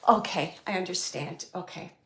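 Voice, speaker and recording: Searching, soft-spoken woman medium. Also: on the low side. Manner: halting and searching, with soft whispered asides and brief laughs. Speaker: medium giving a reading. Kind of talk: live mediumship reading to an audience member.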